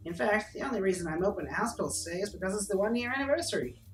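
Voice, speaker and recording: Swaggering cowboy governor, folksy and boastful, roomy and distant, music behind. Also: male voice, sits high, animated, very fast. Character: brash cowboy-style American governor, self-important. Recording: roomy, distant sound under background music.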